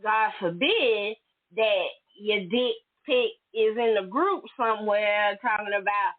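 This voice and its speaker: A woman's voice: mid-range voice, slow. A woman hosting a solo podcast, venting bluntly and emphatically in casual, profane talk. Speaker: podcast host. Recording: tinny phone-like audio.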